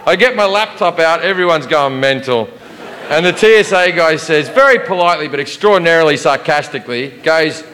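A male stand-up comedian telling a profane travel story, fast and brash with stammered restarts. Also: a little high, expressive, a crowd in the background. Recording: live stand-up in a reverberant hall.

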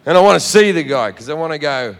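An Australian man doing stand-up, telling a story in a brash, profane, animated way. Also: a little high, quick pace. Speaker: stand-up comedian. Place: live venue with audience. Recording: echoey hall with crowd noise.

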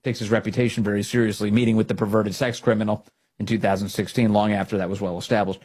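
A male opinion host with a husky, slightly rough voice at an ordinary pitch. His delivery is sarcastic and mocking, and he chuckles at the people he talks about. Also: flat delivery, quick pace, a little mellow. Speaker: political commentary host. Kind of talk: opinion commentary.

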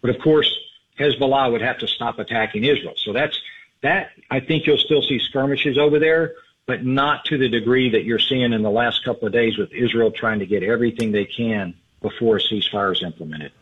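An older man, a retired officer, explaining events as a guest in a radio interview, measured and explanatory with some restarts. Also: medium pitch, background noise. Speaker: guest analyst by phone. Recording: phone line.

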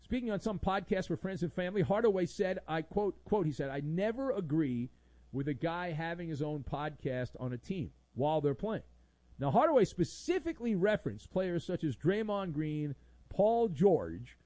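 Man, sports talk host, high lively voice, sarcastic, dry close sound. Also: no room sound, poor audio. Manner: sarcastic, theatrical, mocks with put-on bits. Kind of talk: animated sports commentary.

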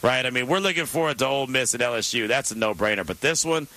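A man co-hosts a sports radio show, running through scores and upcoming games. His voice is bright and forceful at a middle pitch, and he talks in an animated, jokey way. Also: fast, rough recording. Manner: animated, jokey, playful emphasis.

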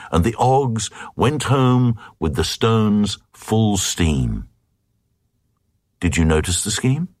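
Man, low husky voice, slow lively sing-song verse reading, dry close sound. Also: no echo. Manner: rhythmic sing-song recitation. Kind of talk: reading a comic narrative poem aloud.

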